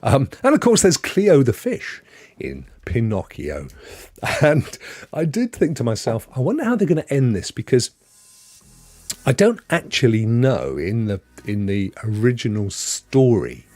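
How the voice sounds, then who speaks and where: A man's voice: medium pitch, wildly swooping pitch, a little slow, darkish tone, no echo. A British man hosting a casual live-stream about gaming, chatty and rambling, reading the chat aloud and laughing often. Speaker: gaming show host.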